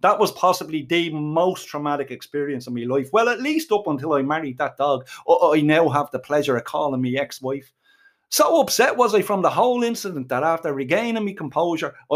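A middle-aged Irish man telling a crude, comic story with colourful swearing. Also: on the high side.

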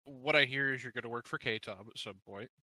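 A man's voice: mid-range voice, fairly quick, bright, forceful tone, a little hiss or hum, poor audio. A man co-hosting a casual podcast, laughing easily and stumbling over his words. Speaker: podcast co-host. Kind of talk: casual chat.

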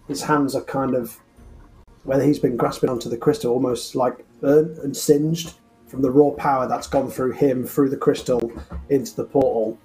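A man's voice: mid-range voice, mellow. A man playing a tabletop game, narrating his character's actions with joking, self-mocking asides. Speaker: player.

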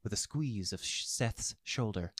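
A man narrates a story with wry, expressive timing. His voice sits on the low side and the sound is close and dry, with no room around it. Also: measured pace, no echo. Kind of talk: audiobook fiction narration.

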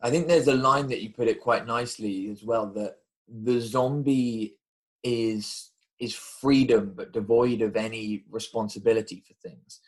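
A man hosting a podcast, reflecting in a measured way and pausing to find his words. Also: medium pitch, steady tone, rough recording. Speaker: podcast host. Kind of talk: casual intellectual conversation.

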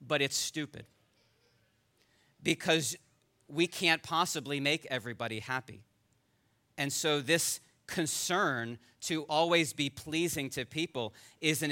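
A man's voice: fairly high pitch, sharp tone. A man preaching a sermon as pastor, earnest and rising to emphatic peaks, at times addressing the children directly.

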